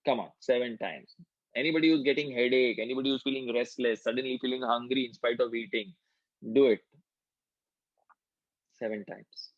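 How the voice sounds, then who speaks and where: A man leading an online group healing session, giving calm instructions and slowly repeating affirmations for the group to chant. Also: mid-range voice, no echo, lo-fi sound. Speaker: workshop facilitator.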